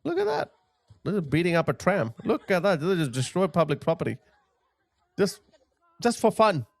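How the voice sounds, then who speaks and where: A man's voice: a little high, wildly swooping pitch, normal speed, gravelly, dry recording. A man hosting a commentary video, ranting in a heated, scornful way and repeating short jabs. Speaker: commentary channel host.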